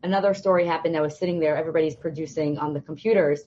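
A young woman appears as a podcast guest, telling stories in conversation with a low voice and a very fast delivery. She's a lively storyteller who acts out the voices of the people involved, though the audio is dull.

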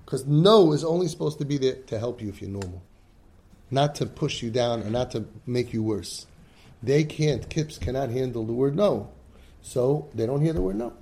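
Emphatic man a dark voice. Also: medium pitch, lively intonation, moderate pace, slight background noise. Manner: emphatic, acts out children's pleas, mixes in Yiddish and Hebrew words. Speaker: group leader speaking to siblings. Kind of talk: impassioned talk to a support group.

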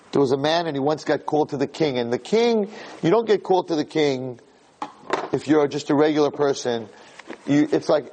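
A man's voice: on the high side, darkish tone. A man giving a casual, storytelling Torah lecture who often repeats words and acts out the voices in his parable. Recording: long reverberant hall.

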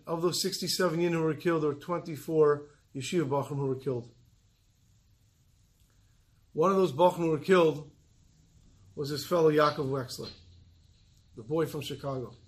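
A man giving a sermon, telling a story earnestly and slowing down for emphasis. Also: a little high.

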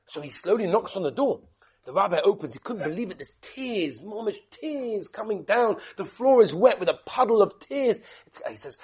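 A man giving a sermon-style Torah talk, telling a story with rhetorical questions and dramatic swings between soft and loud. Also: sits high, big pitch swings, moderate pace.

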